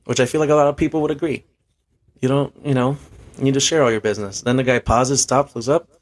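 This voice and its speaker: A man's voice: medium pitch, steady tone, very fast. A young man, a bartender and podcast host, telling a rambling story in casual, profane chat and laughing at himself.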